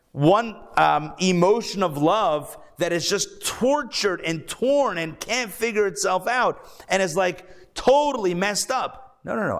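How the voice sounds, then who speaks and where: A rabbi teaching a live class, telling stories in a lively, animated way with playful asides. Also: male voice, sits high, gravelly.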